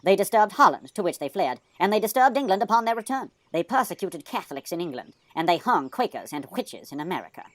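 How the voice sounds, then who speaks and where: A man doing a rushed grandiose orator. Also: high voice, sing-song, no echo, pitched above the performer's own voice.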